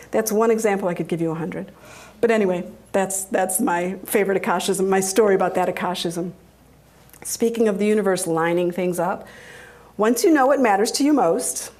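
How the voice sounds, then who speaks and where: Woman, middle-aged, lively storyteller, chatty talk, laughs between anecdotes. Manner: animated, acts out quoted voices with big pitch jumps; laughs often while telling stories. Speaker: speaker giving a talk.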